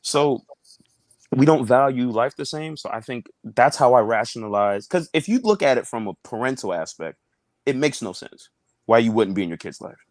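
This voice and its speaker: A man's voice: lively intonation, moderate pace, dry recording. A young man, a comedian and new father, talking bluntly and crudely in a casual panel discussion. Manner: blunt, crude, acts out others in a high mocking voice.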